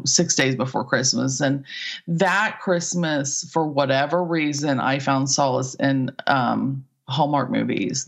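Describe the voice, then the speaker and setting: A woman's voice: sits low, dull audio. A woman with a Midwestern accent, a casting director chatting in an interview, laughing often. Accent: Midwestern American. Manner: laughs often, warm and talkative. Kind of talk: casual interview chat.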